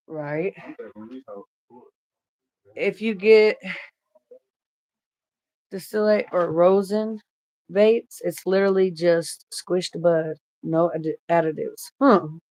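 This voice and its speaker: Here a middle-aged woman hosts a laid-back livestream, reading the chat aloud, swearing freely and speaking bluntly and chattily. Her pitch sits fairly low, and the recording has no echo.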